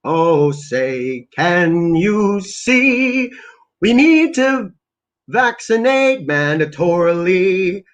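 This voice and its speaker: A man voicing a sneering adult male official who croons his lines in a high, drawn-out, mocking sing-song. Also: fairly bright tone, highs cut off, heavily acted.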